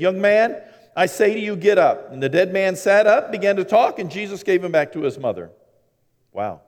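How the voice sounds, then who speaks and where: A man preaching a sermon, telling folksy stories and swinging between hushed and loud, animated delivery. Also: high voice. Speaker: pastor. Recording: long hall reverb.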